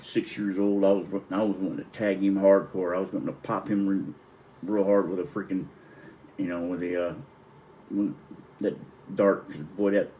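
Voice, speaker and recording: Middle-aged man, low voice, rambling and profane, animated when acting out quotes. Faint background noise. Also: poor audio. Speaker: storyteller. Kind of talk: casual personal storytelling.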